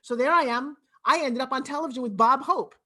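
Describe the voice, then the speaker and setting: A woman from Long Island with a New York accent, telling her life story as an expressive, talkative guest on a video call interview. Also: high voice, quick pace. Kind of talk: animated storytelling.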